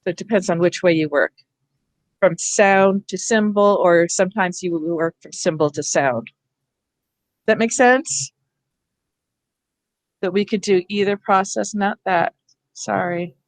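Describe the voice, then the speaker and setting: A woman coaches teachers through word study, guiding them patiently one step at a time. Her voice sits at a middle pitch and comes through a video call with a dry, close sound. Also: measured pace, long pauses, dry recording. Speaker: reading teacher trainer. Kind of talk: teacher workshop instruction.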